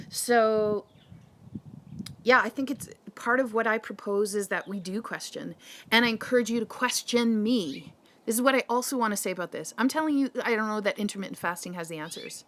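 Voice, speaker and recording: A woman's voice: mid-range voice, a little fast, fairly bright tone. Passionate, rambling woman health coach. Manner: passionate, rambling, rhetorical questions. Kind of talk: casual direct-to-camera monologue.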